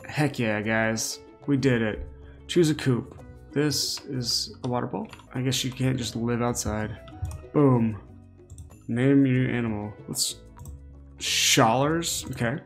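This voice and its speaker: Man, gaming commentary, playful jokey asides, gravelly, faint music behind. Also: mid-range voice, slow. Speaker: gaming video host. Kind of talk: casual gameplay commentary.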